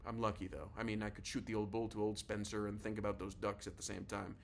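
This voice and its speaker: A man reads a novel aloud in a casual, confiding first-person voice. His pitch sits on the low side, and a faint noise runs under the recording. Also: little pitch movement, fast talker, vocal fry. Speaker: audiobook narrator.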